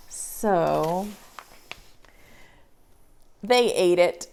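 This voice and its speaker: A young woman, a preschool teacher, reading a story and talking gently to young children in a sing-song way. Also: fairly low pitch, drawn-out words, vocal fry, long pauses, clean tone.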